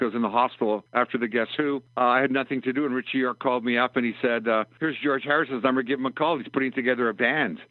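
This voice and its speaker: An older man from Canada tells long rambling stories as a guest, acting out both sides of old conversations. His voice sits at an ordinary middle pitch. It comes through a tinny, dry phone line. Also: no room sound. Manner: rambling anecdotal storyteller, acts out dialogue. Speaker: guest musician. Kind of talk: storytelling interview over the phone. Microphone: telephone.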